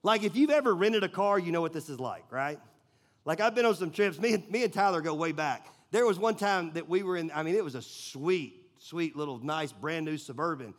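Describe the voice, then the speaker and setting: A man's voice: a little high, animated, a little fast. A man preaching a sermon in a casual, conversational way, telling stories with lots of filler words. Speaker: pastor.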